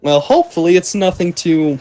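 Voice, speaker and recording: A man's voice: sits high, big pitch swings, brisk, warm tone. A man playing a tabletop role-playing game, joking and laughing with the table. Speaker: player. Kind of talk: tabletop role-play in character.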